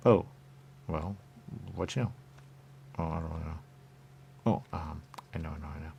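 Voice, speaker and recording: A radio talk host drifts through a rambling, stream-of-consciousness monologue, repeating "there you go" over and over and slipping into whispers. His voice rumbles low and unhurried, with vocal fry and a darkish tone, over a little hiss or hum.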